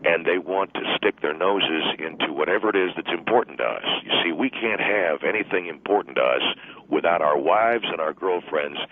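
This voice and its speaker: A man's voice: low-pitched, normal speed, voice pushed down. A man voicing an irritable middle-aged football coach who rants indignantly about wives at games, heard over a phone line. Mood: resentful. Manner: blustering, indignant ranting.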